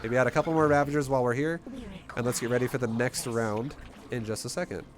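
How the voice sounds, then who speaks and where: A man giving casual, energetic commentary while he plays and teaches a strategy game, talking bluntly and swearing now and then. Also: mid-range voice, quick pace, over music. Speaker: gameplay coach.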